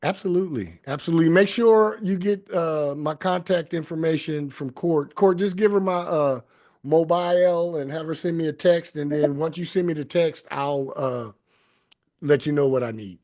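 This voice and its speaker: Man, spiritual show host, fairly high-pitched, emphatic, repeats himself, sing-song. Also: moderate pace, darkish tone. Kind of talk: spiritual talk show, casual group chat.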